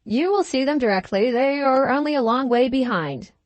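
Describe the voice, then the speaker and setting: A woman reading a blunt, obstinate gentleman farmer. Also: high-pitched, lively intonation, moderate pace, no room sound, dull audio, voice pushed up. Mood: earnest. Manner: earnest, emphatic, downright. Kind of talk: audiobook character reading.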